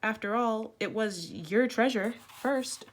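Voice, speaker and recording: A woman's voice: fairly high pitch, slow, voice pushed up. A woman voicing a bossy boy who leads his friends, speaking firmly and commandingly. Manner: firm and commanding.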